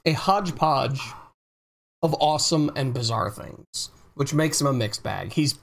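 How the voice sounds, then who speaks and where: A man's voice: medium pitch, expressive, a little slow, creaky, a bit bright. A man co-hosting a podcast and reviewing toys, talking in a rambling, enthusiastic way that keeps correcting itself. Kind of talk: casual chat. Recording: faint background noise.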